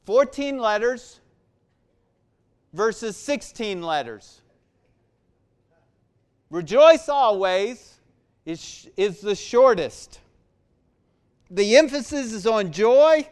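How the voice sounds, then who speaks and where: Guy preaching a sermon, higher voice, slow and emphatic, gets loud then goes real quiet. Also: animated, clear, resonant tone.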